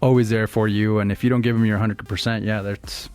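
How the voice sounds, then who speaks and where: A man hosting a casual studio interview, upbeat and quick, leading his guests with questions. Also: fairly low pitch, flat delivery, darkish tone. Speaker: podcast host.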